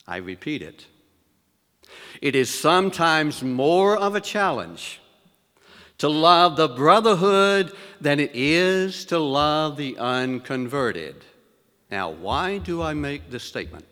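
A male preacher delivering a sermon with deliberate emphasis, questioning the congregation and reading scripture in lifted tones. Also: fairly high pitch, very animated, bright, forceful tone, long reverb tail. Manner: reads scripture in elevated, rising tones.

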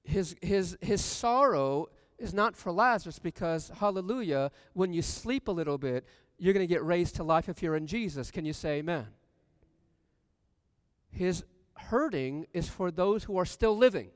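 A man with a high, smooth and clear voice preaches a sermon, reading scripture and asking the congregation questions. He swells into loud emphasis as he drives his points home. His voice rings out with a long reverb in a church hall. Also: lively intonation, moderate pace.

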